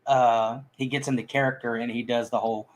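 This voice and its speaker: A man's voice: mid-range voice, level tone, fairly quick. A man in casual conversation about a film, talking in a rambling way with frequent restarts and fillers. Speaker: movie podcast co-host.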